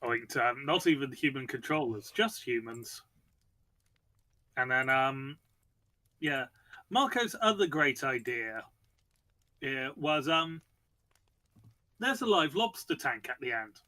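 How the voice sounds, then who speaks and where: A man's voice: medium pitch, animated, takes it slowly, pauses often, pushed and bright. A man hosting a casual book chat, rambling with many fillers and restarts. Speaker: podcast host discussing a book.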